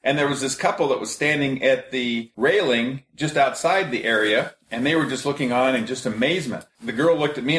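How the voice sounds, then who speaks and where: A man's voice: mid-range voice, a bit bright. Chuckling man telling stories, roomy sound. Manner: storytelling, chuckling often. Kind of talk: casual group chat. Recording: roomy echoey room.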